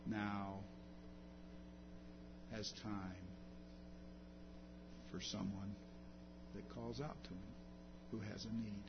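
A man's voice: steady tone, extremely slow, vocal fry, pauses often. Man preaching, rising and falling in force. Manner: swings from loud emphatic preaching to low intimate storytelling. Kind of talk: sermon. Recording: dull lo-fi recording with background hum.

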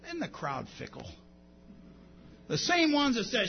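A man preaching a sermon, moving from quiet explanation to loud, emphatic declarations. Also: very high voice, huge pitch swings, unhurried, creaky, pauses often. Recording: dull lo-fi sound with faint hum.

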